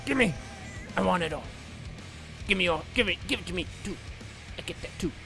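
A young man casually commentates a wrestling video game, rambling, joking and lapsing into mock play-by-play calls. His high voice is lively, at a moderate pace with vocal fry, in an echoey room with game music behind.

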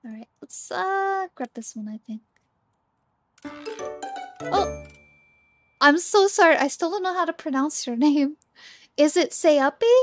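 A woman's voice: high-pitched, expressive, measured pace, long pauses, faint music behind. A young woman streaming a game, chatting casually and bubbly with viewers, often giggling. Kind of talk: casual game livestream chat.

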